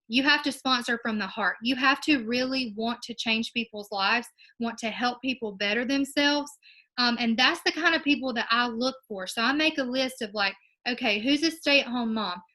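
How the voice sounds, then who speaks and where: Speaking to her sales team in a relaxed pep talk, a young direct sales team leader sounds upbeat and encouraging, dropping plenty of ums. Her pitch is fairly high, and her tone comes across as bright and pushed. The recording is rough.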